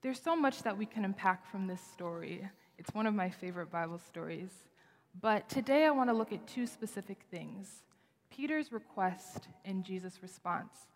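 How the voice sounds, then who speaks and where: A young woman delivers a sermon with earnest, expressive conviction, lifting her voice to stress key points. Her mid-range voice rings out with a long reverb trail, as if filling a large sanctuary. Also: medium pitch, moderate pace. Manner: earnest, expressive, rising for emphasis. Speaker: speaker at a worship service.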